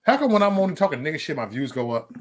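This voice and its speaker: Animated joking male livestream host. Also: fairly high pitch, racing. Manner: loud, joking, profane banter with frequent laughs. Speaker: live stream host. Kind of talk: casual livestream chat.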